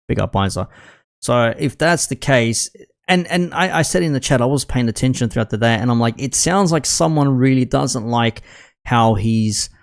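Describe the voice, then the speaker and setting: Man, casual live commentary, rambling, frequent restarts, mid-pitched voice. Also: lively intonation, moderate pace. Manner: rambling, restarts often, says bro and man. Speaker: commentary streamer.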